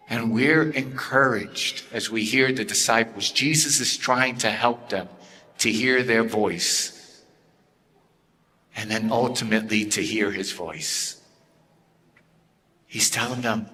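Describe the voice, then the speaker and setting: Slow, forceful preaching priest in church. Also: male voice, lowish voice. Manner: slow, deliberate preaching with repeated phrases. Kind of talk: sermon. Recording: long reverb of a large church.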